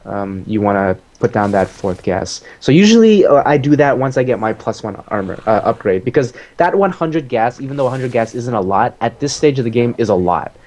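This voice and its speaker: A man casually explaining his own strategy game match as he plays it, relaxed, with many fillers. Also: mid-range voice, a little fast, few pauses.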